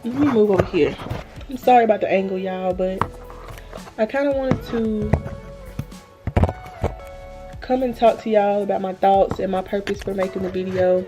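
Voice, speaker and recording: A young woman talks earnestly to her viewers on a phone camera at home, drained and holding back tears, slow and halting. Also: medium pitch, music in the background. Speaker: vlogger. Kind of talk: emotional faith-filled vlog talk. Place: at home, bedroom.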